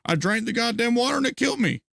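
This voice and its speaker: High gravelly-voiced man ranting profanely. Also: quick pace, no room sound, clean studio sound. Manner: profane, animated ranting with frequent laughs. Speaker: game streamer. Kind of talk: live gameplay commentary and ranting.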